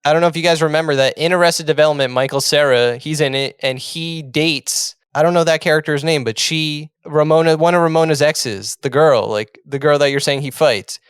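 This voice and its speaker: A man's voice: fairly high pitch, fairly quick, few pauses, clean tone, no room sound, studio quality. A man co-hosting a casual comics podcast, talking in a rambling way with lots of fillers. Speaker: podcast co-host. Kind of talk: casual chat.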